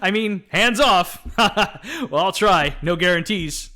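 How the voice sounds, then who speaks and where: A man with a high, bright voice talks through a film scene by scene on a podcast. He laughs a lot and bursts into loud acted-out quotes. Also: lively intonation, takes it slowly. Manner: acts out quotes with shouting bursts, laughs often. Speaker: podcast co-host. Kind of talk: casual movie recap.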